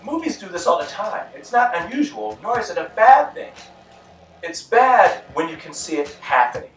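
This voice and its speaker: A man's voice: sits high, sing-song, moderate pace, a little hiss or hum. A man narrating a movie review in a dry, critical, mildly exasperated way. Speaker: film reviewer. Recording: echoey room, mic at a distance, faint music.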